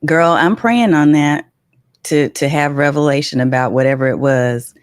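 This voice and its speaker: A middle-aged woman, hosting a casual livestream and telling animated stories while greeting viewers. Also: low voice, normal speed, smooth, no room sound. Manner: animated storytelling, greets chat viewers, laughs often. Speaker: livestream host.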